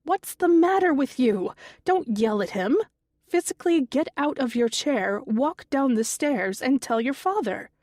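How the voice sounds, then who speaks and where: A woman voicing an exasperated, stern mother who scolds her son in a raised, sharp voice, in an audiobook. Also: fairly high pitch, expressive, a little slow, no echo, clean studio sound, voice pushed up. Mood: scolding. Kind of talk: audiobook character voice.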